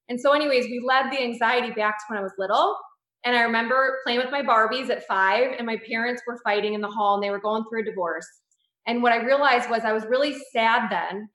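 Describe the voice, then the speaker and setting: A woman's voice: a little high, a bit bright. A woman in her thirties, a guest telling her personal story in an interview, candid and rambling with many restarts. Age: 30s. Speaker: guest, boudoir photographer. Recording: echoey room.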